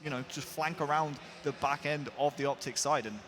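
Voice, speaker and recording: A man's voice: fairly high pitch, steady tone, fairly quick, crowd noise. A man working as an esports analyst, giving talkative, thorough breakdowns of the match at an analysis desk.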